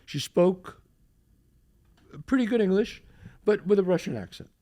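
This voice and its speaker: An older podcast host with a high-pitched voice, speaking a little slowly, tells a story in a relaxed chat. He's lively and animated, voicing each person's words himself and laughing throughout.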